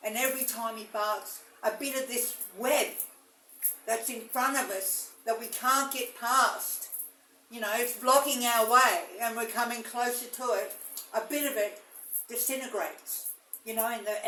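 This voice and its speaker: Halting woman, echoey and distant. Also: fairly high pitch, fairly even intonation, pushed and bright, a little hiss or hum. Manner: halting, many fillers and restarts. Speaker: spiritual storyteller. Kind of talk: rambling first-person visionary narration. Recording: echoey room, mic far off.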